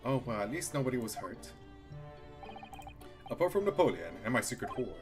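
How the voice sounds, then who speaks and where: A woman voicing a pompous, eccentric gentleman detective who speaks in a theatrical drawl. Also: very deep voice, big pitch swings, a little fast, music in the background. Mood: smug.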